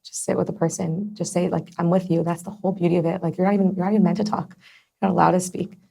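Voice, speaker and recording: Woman, young adult, earnest and heartfelt, low-ish steady voice, mellow tone. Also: racing, vocal fry. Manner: earnest, heartfelt, many fillers. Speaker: guest. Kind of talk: personal conversation.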